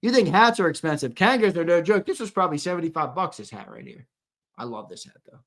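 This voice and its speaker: A man's voice: fairly high pitch, lively intonation, quick pace. A young man co-hosting a live fan show, chatting loosely with viewers, swearing and repeating his lines as he reads comments. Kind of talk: casual live-stream chat reading comments.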